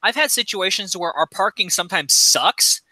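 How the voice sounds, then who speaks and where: A man's voice: high voice, expressive, normal speed, pushed and bright, no echo. A middle-aged man in casual chat on a podcast, ranting with a lot of swearing. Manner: profane, ranting. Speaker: podcast co-host. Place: recording studio.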